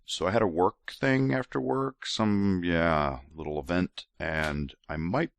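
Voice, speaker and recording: Tipsy, gravelly low-voiced male podcast host. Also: measured pace. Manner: rambling, laughing, many restarts. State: tipsy from drinks. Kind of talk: casual podcast monologue.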